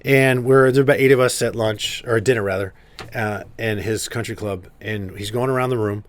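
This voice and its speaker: A man's voice: lowish voice, steady tone, normal speed, slight background noise. A man who is a congressman, a guest in a casual podcast interview, telling stories emphatically. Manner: storytelling, emphatic.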